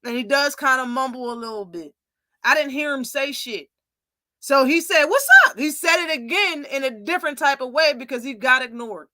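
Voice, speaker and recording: A young woman with a high, bright voice hosts a casual live commentary, talking in an opinionated, animated way and acting out the lines she quotes. The sound is close and dry, with no room around it. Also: moderate pace, no echo. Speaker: host.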